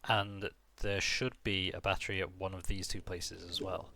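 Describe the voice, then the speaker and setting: A man's voice: low voice, flat delivery, moderate pace, bright, forceful tone. A man streaming a video game, chatting casually as he plans his next moves and swearing now and then. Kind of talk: casual live gameplay commentary.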